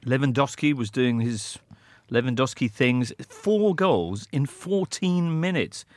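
A man hosting a football podcast, a brisk and playful presenter who leans on wordplay. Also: medium pitch, lively intonation. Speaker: podcast host.

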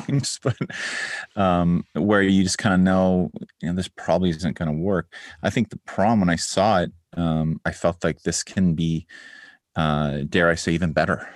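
A man's voice: low-pitched, no room sound, clean studio sound. A man, a music producer, giving rambling interview answers with many fillers and restarts.

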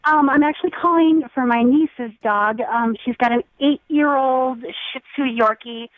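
A woman's voice: sits high, measured pace, no echo. A woman caller, asking a question hesitantly with many ums over a phone line. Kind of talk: phone call to a radio show.

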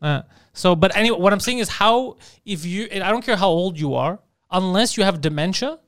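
A man tells stories in casual podcast chat, animated and full of swearing. His voice sits high and sounds smooth and clear. The sound is dry and close. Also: a little fast, no echo. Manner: animated, profane, jumps into high mocking voices for quotes. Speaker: podcast co-host. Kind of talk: casual chat, storytelling with acted quotes.

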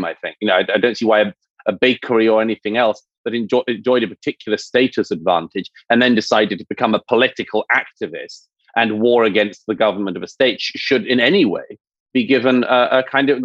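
Measured male guest, dull lo-fi sound. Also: mid-range voice, no echo. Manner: hesitant restarts, measured and reasoned. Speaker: interview guest. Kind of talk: interview discussion.

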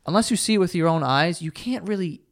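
A man with a fairly high voice talking sports in a relaxed group chat. He rambles and hedges as he thinks aloud, with lots of fillers. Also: fast. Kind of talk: casual sports talk.

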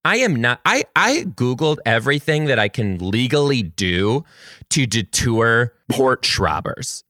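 A chatty kindergarten teacher, a man, spills a story to his followers with gushing excitement and a stream of "like" fillers. His voice sits at an ordinary pitch for a man, and the sound is close and dry with no room around it. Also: unhurried, no room sound. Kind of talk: casual storytelling to viewers.

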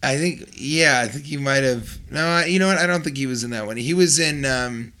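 A man with a bright, ringing tone co-hosts a comedy podcast. He tells an improvised, absurd story with a straight face and now and then bursts into loud put-on voices. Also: mid-range voice, brisk.

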